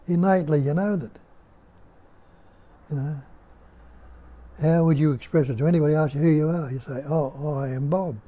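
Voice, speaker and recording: An older man with an Australian accent, giving a slow, musing spiritual talk at home and putting rhetorical questions to his listeners. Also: on the high side, mellow. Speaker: spiritual teacher. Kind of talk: unhurried nondual teaching talk. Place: indoor room at home.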